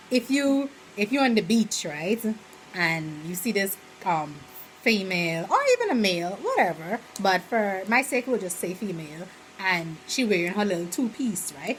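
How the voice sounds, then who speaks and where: A chatty Bahamian woman explains sayings in a casual vlog, rambling with lots of "you know" fillers and slipping into lively quoted examples. Her voice is medium-pitched, the recording rough with slight background noise.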